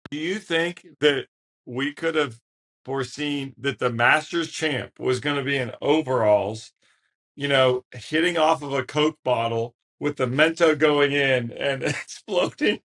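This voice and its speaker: A man co-hosting a podcast, chatting in an excitable way and laughing along. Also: medium pitch, unhurried. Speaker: podcast co-host. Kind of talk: casual chat.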